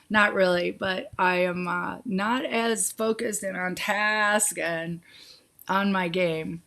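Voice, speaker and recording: A woman hosting a casual live psychic Q&A, reading viewers' questions aloud and answering them with quick intuitive yes-or-no readings, calling viewers sweetie and honey. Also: fairly low pitch, vocal fry, fairly bright tone. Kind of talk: casual live-stream chat.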